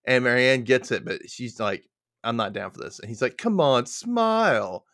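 A man's voice: mid-range voice, fairly even intonation, normal speed, bright, forceful tone, no room sound, studio quality. A man co-hosting a podcast, casually recapping a story and acting out its quoted lines. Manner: chatty, retells scenes with quoted lines. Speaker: podcast co-host.

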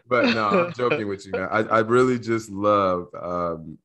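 A male podcast host in casual, playful interview chat, teasing his guest warmly. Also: lowish voice, sing-song, normal speed, creaky, few pauses. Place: away from his studio, on the road.

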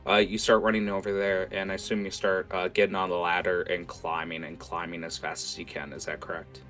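A man's voice: low voice, little pitch movement, a little fast, fairly bright tone, soft background music. A young man narrating as game master of a tabletop game, rambling with fillers and casual swearing.

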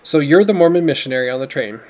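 A man voicing a big, deafened father who shouts in a booming voice. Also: animated, fast talker, natural voice. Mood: grateful. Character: loud deafened father with a mustache.

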